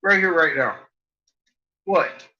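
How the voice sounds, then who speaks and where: A man's voice: fairly high pitch, slow pace. A man filming his dogs at home, playfully cooing at and teasing them in casual talk. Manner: playful, coos and teases the dogs. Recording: dull lo-fi home video with loud noise.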